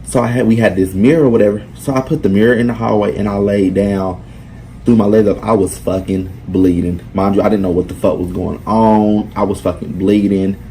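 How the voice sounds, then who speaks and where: A young man, telling a blunt, profane, animated storytime to his vlog viewers. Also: fairly low pitch, a little fast, slight background noise, low-quality recording. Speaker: vlogger. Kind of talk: casual storytime monologue.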